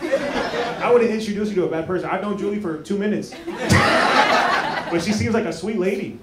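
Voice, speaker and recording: High-pitched guy comic teasing the crowd, loud and laughing, noisy live club sound. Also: moderate pace. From Maryland, USA. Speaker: stand-up comedian. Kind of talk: crowd work. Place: comedy club stage. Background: audience laughter.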